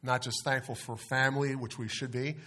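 A pastor praying and then preaching to his congregation, earnest, with many restarts, going soft on prayer phrases and louder on stressed words. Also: medium pitch, little pitch movement, a little fast. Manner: earnest, with frequent restarts and fillers. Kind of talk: sermon with opening prayer. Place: church sanctuary.

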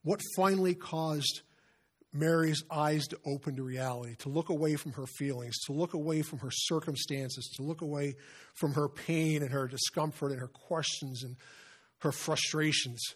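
A man preaching a sermon as a visiting preacher, earnest in manner, often clearing his throat and slowing down and softening his voice to stress a point. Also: on the high side.

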